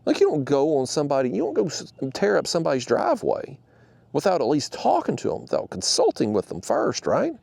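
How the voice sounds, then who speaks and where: A man who hosts a fishing channel, telling a story to the camera in an animated, exasperated rant. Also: fairly high pitch, a little fast, creaky, no room sound.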